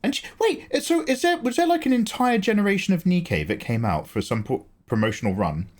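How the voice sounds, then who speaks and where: An English man hosting a livestream, talking casually in an animated, chatty way, swearing and laughing easily. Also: high-pitched, brisk. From England. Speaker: livestream host.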